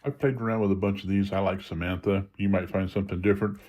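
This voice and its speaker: A video creator walks through phone settings in a casual screen-reader tutorial, explaining each step easily with small restarts. His voice is low and a little mellow, level in tone, and he talks fast; the highs are cut off.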